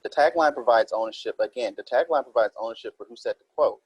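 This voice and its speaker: Husky-voiced man teaching a writing lesson. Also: medium pitch, fast talker, darkish tone, no room sound, muffled recording. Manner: explains step by step, reads example sentences aloud. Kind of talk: recorded writing minilesson.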